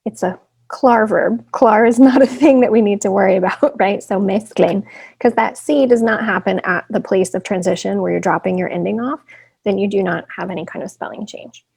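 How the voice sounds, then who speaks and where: A woman teaching a recorded classroom lesson, with a voice of mid pitch and plenty of vocal fry. She explains one step at a time and keeps checking in with her students. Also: normal speed, darkish tone. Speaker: Spanish teacher.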